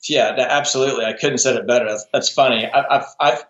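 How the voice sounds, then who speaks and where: A man's voice: medium pitch, fairly even intonation, fast talker, fairly bright tone. A man, a strengths coach, is a guest on a podcast interview. He talks in a thoughtful, casual way, often restarting and adding asides. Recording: roomy, dull lo-fi sound.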